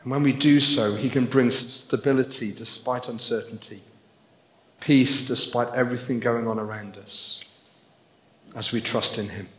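Preacher in an echoing hall. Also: male voice, mid-range voice, fairly even intonation, normal speed. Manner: earnest, building to emphatic repetition. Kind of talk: sermon. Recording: echoey hall with long reverb.

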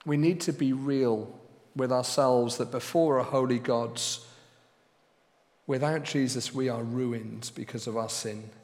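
A male pastor delivers a sermon with slow, weighted phrasing, landing hard on the words he wants to stress. His voice sits at an ordinary middle pitch. A long reverb trails each phrase, as in a large hall. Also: steady tone. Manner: slow and deliberate, with loud emphatic stresses.

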